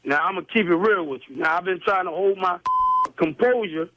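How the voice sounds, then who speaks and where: Phone caller: a high-pitched man, streetwise and profane, who repeats himself, heard through a dull phone line. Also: a little fast, pushed and bright, no echo. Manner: streetwise slang, swearing, keeps repeating himself. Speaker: prank call target.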